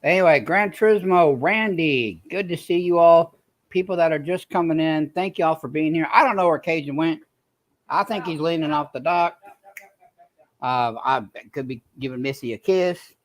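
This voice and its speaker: A man's voice: a little high, normal speed. Tired man chatting on a livestream. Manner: chatty, greets viewers by name. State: tired and in pain. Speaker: livestream host. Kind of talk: casual livestream chat.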